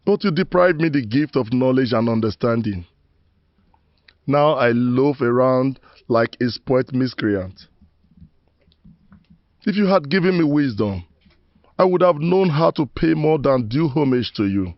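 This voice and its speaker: A contrite middle-aged Nigerian rogue praying in grave, proverb-laden oratory. His voice is gravelly, rising and falling widely, on dull, dry film sound. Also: mid-range voice, animated, unhurried, pauses often, no echo. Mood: pleading. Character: remorseful middle-aged rogue begging ancestors for mercy. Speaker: penitent man praying to his ancestors. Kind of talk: Nollywood film acting, solemn monologue.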